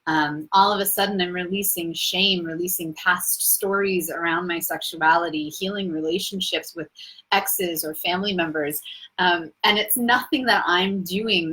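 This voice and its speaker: A woman's voice: on the low side, normal speed, bright, forceful tone, breathy edge, poor audio. A young adult woman hosting a live Q&A as a coach, talking in an effusive, spiritual way and laughing easily. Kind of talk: casual live-stream talk.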